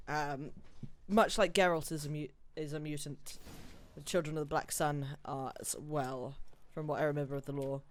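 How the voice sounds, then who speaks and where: A woman's voice: low-pitched, fairly even intonation, moderate pace, few pauses. A woman streaming a video game, chatting casually and rambling as she plays, swearing and laughing at her mishaps. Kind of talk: casual gameplay commentary.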